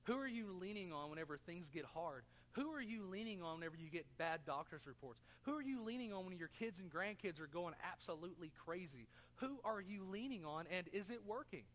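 A man's voice: high-pitched, expressive, fairly quick, few pauses, fairly bright tone, in a large hall. A man preaching a sermon as pastor, earnest, asking his congregation questions and throwing in jokes. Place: church sanctuary.

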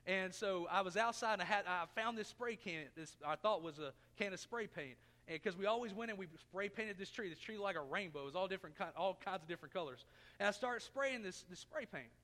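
Thirtysomething preacher guy, folksy and self-mocking, sharp bright voice, long echo from the hall. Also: high voice, animated, brisk. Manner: folksy, self-mocking storyteller who acts out quotes. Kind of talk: sermon with personal storytelling. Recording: long reverb of a church hall.

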